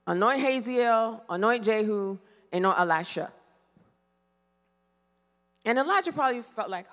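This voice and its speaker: A woman preaching a sermon, pausing dramatically and asking the congregation to fill in her questions. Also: on the high side, animated, fairly bright tone, big-room sound. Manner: call-and-response questions with dramatic pauses. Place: church sanctuary.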